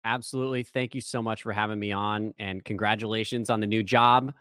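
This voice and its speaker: A man from the United States, a guest actor, talking in a casual interview and getting animated when excited. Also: lowish voice, fairly quick, no echo.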